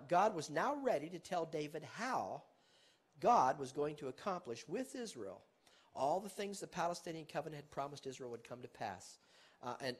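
A man preaching a sermon as pastor, reading scripture aloud with sudden loud emphasis and putting questions to his listeners. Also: on the high side, breathy edge.

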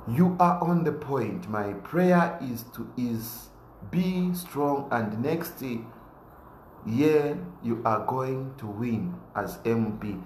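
A man with a Zambian accent giving impassioned political talk to his viewers, preachy and repetitive, building to shouts. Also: medium pitch, expressive, takes it slowly, reverberant, a little hiss or hum, poor audio. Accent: Zambian English. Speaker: political commentator.

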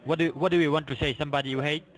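A man's voice: a little high, steady tone, racing, rough recording. Combative man scammer on the phone. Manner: insulting, combative. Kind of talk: phone call.

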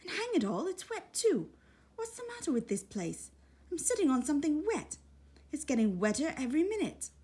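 A woman's voice: high-pitched, sing-song, normal speed, warm tone, pitched above the performer's own voice. Woman reading as an eager schoolboy leader. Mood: excited. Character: earnest older schoolboy, leader of siblings.

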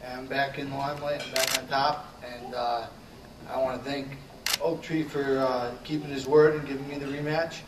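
A man from Connecticut, a boxer at a press conference, speaking earnestly and self-promotingly with many hesitant pauses. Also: medium pitch, flat delivery. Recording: echoey room, far mic, background noise, camera clicks.

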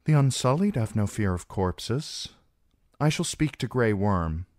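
A man's voice: on the low side, animated, unhurried, darkish tone, no echo, clean studio sound, pitched above the performer's own voice. A man voicing a young queen who speaks with bitter, resolute command in an audiobook reading. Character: young grieving queen, woman, proud and commanding.

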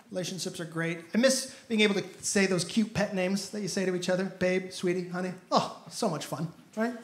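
On stage at a comedy club, a stand-up comedian with a high voice tells animated stories and acts out the lines of dialogue. The live audience and the echoey room's ambience come through in the recording.

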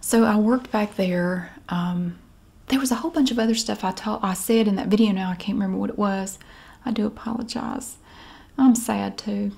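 A woman's voice: mid-range voice, fairly even intonation, brisk, gravelly, darkish tone. A middle-aged woman telling a wry, exasperated story about an old job in a casual, chatty way. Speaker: vlogger.

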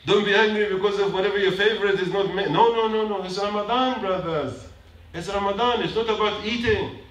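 A man's voice: sits high, brisk, fairly bright tone. A man giving a short sermon in a mosque, emphatic, repeating his points and putting questions to the congregation. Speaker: mosque speaker. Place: mosque prayer hall. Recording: echoey hall from a distance.

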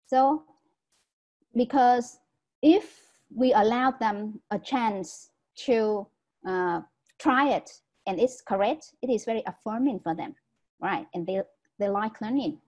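A woman trains teachers in an online lecture, speaking in a warm, mellow and slightly husky voice. She explains patiently, step by step, and keeps checking in with "right?". The sound comes through a video call. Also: on the high side, slow pace, poor audio.

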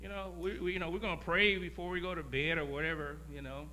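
A man preaching as a guest pastor, talking in a conversational way, laughing and swinging from quiet asides to loud emphasis. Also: fairly high pitch, fairly even intonation, quick pace, a little hiss or hum. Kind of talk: sermon.

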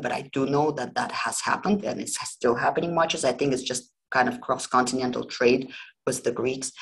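A woman's voice: a bass voice, creaky, low-quality recording. A woman hosting a history podcast, retelling fairy tales in a chatty, informal way with many asides. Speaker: podcast host. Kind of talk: casual storytelling.

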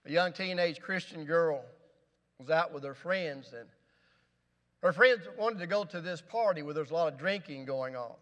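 A man's voice: on the high side, normal speed, fairly bright tone, big-room sound. A male pastor preaching a sermon in a church, with rising emphasis and rhetorical questions. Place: church sanctuary.

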